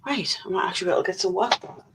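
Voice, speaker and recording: A woman's voice: lowish voice, animated, rapid-fire, noisy background. A woman co-hosting a casual livestream, reading viewers' comments aloud in a blunt, sweary way.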